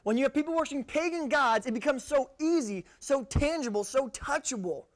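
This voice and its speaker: A young man preaching to high school students in a casual, joking way, reading scripture and acting out the people in it. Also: animated, a little fast. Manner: jokey, conversational, acts out quotes. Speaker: youth pastor. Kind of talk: casual youth sermon.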